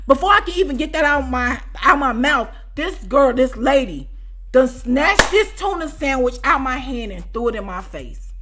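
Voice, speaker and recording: A woman host telling a casual storytime to her viewers, animated and slangy. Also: sits high, normal speed.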